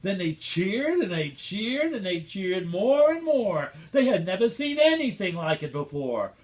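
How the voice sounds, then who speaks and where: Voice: mid-range voice, very animated, a little slow. A reader at a school event reading a rhyming picture book aloud with dramatic, rhythmic expression.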